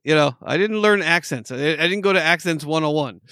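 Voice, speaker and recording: A man's voice: fairly high pitch, lively intonation, fairly quick, bright, forceful tone, no room sound, clean studio sound. A man with an upstate New York accent co-hosting a casual podcast, joking, laughing often and rambling through restarts. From New York State. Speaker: podcast co-host. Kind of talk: casual chat.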